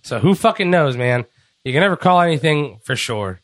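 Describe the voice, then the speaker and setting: A man's voice: fairly high pitch, animated, a little fast, a bit bright, no room sound, clean studio sound. Laid-back swearing male podcast co-host. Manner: laid-back, swears casually, jokes around. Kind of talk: casual wrestling podcast chat.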